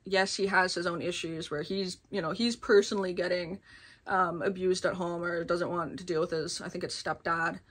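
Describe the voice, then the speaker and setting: A woman giving a casual, rambling book review, full of filler words and quick laughs. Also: on the low side, little pitch movement, a bit bright. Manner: chatty, rambling, many filler "like"s, laughs often.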